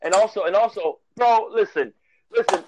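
A man in casual sports chat on a podcast, speaking haltingly and stumbling and repeating words as he forms his thoughts. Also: high voice, darkish tone, slight background noise, rough recording.

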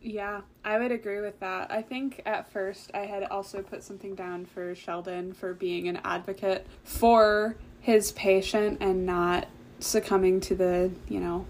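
A woman co-hosting a podcast in relaxed casual chat, rambling and laughing easily. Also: medium pitch, measured pace. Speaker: podcast co-host.

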